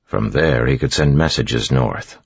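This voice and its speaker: Very deep, husky male narrator. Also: unhurried, no room sound. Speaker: audiobook narrator. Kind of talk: scripted narration. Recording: dull, dry studio sound.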